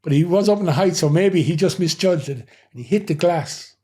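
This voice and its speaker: Brief: middle-aged man, ex-doorman guest, dark husky voice, loose rambling storyteller. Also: on the high side, animated, a little fast. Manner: rambling anecdotal telling, frequent "you know". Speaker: former nightclub head doorman, guest. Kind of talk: casual interview storytelling.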